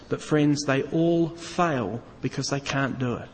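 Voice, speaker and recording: A man's voice: mid-range voice, measured pace, few pauses, big-room sound, low-quality recording. A man preaching a sermon, asking his listeners questions and leaning hard on key words. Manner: asks the congregation questions, stresses key words.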